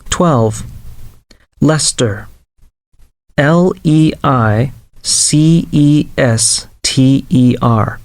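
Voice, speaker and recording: A man narrates a language-class listening drill, pausing to spell each word letter by letter. He keeps an unhurried pace, and his voice sounds close and dry with no room around it. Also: medium pitch, darkish tone, no echo. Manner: slow, carefully spelled-out dictation. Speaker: lesson narrator. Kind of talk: scripted listening exercise reading.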